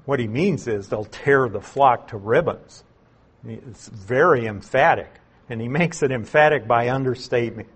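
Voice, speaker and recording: A man teaching through a Bible passage verse by verse as an elder, unhurried, explaining words and repeating key phrases for emphasis. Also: medium pitch, breathy edge.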